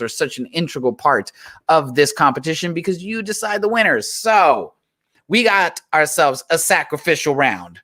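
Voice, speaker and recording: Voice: medium pitch, fairly bright tone. A host running a virtual poetry slam, talking in a hyped, casual, slangy way.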